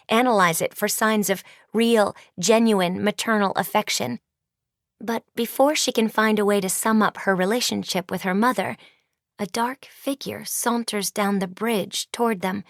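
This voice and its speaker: A woman reading a storybook audiobook in a measured, suspenseful way. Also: mid-range voice, gravelly, no echo, studio quality. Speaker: audiobook narrator. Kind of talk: scripted storybook narration.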